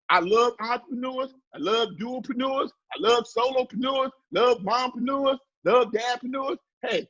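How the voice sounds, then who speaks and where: Husky high-pitched guy preaching business formulas, muffled lo-fi stream sound. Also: fairly bright tone. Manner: preachy and emphatic, repeats key phrases, talks to the viewers. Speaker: business coach. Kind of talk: motivational livestream lesson.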